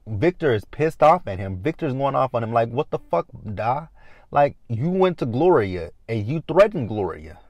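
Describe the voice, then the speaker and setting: Lively man recapping a TV episode. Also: on the low side, no echo. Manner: animated, swears freely, many "right?" tags and quoted reactions. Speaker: TV recap vlogger.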